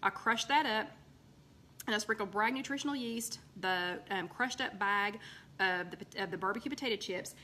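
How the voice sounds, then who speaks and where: A woman's voice: mid-range voice, normal speed, bright, forceful tone. A woman hosting a live recipe chat from her home, rambling casually with lots of ums and greeting viewers by name.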